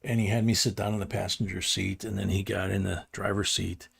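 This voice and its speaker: Gravelly-voiced older man rambling. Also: low-pitched, little pitch movement, a little fast. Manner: rambling, chuckling, restarts his sentences. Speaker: host. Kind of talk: casual storytelling on a live stream.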